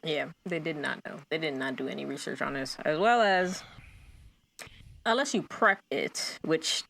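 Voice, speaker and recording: An American woman co-hosting a casual movie podcast, animated and acting out quoted lines. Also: a little slow, gravelly, a little hiss or hum. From United States. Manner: animated, acts out quotes with big pitch jumps. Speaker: podcast co-host.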